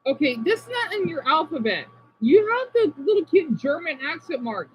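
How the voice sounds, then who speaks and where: High, lively-voiced woman chatting to viewers. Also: unhurried, highs cut off, a little hiss or hum. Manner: chatty, talks to viewers by name, sounds out words. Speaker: livestreamer reading chat. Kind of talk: casual live-stream chat.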